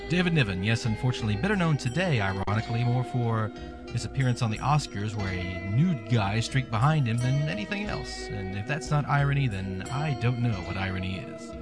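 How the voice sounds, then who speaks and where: A man's voice: mid-range voice, lively intonation, a little fast, loud music behind the voice. A man hosting a comic show, delivering a sarcastic, rambling, irreverent monologue. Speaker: podcast host.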